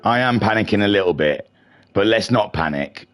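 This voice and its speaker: A man's voice: on the low side, expressive, moderate pace. A middle-aged man hosting a racing league stream in a chatty, self-mocking, slightly flustered way. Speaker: league race stream host. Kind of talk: casual live-stream race commentary.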